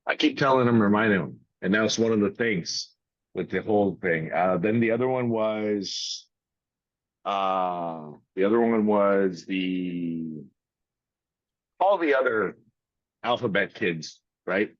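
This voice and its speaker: A man in casual podcast chat, talking bluntly with lots of swearing and drawn-out pauses. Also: on the low side, no room sound. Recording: dry, dull lo-fi sound.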